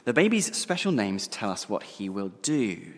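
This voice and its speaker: A man preaching a sermon, slowing down and pausing to stress key words. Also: lowish voice, sing-song, big-room sound.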